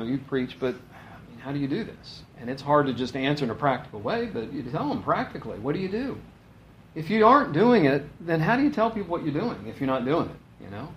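A man's voice: a little high, reverberant, slight background noise. A man preaching a sermon in a conversational, folksy way, with asides and stories. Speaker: pastor.

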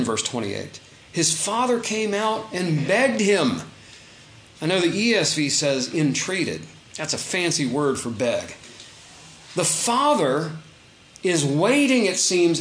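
A man's voice: fairly high pitch, a little hiss or hum. Guy preaching a sermon, chatty and emphatic, voice swings up and down a lot, bit of room echo. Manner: expressive, conversational, emphatic. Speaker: pastor.

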